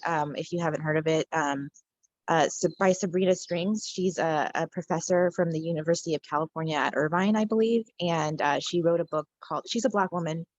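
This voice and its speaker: A woman guest author answers in a casual, hesitant way, filling her speech with ums and likes. Her voice is on the lower side. The recording is slightly dull and dry. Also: dry recording.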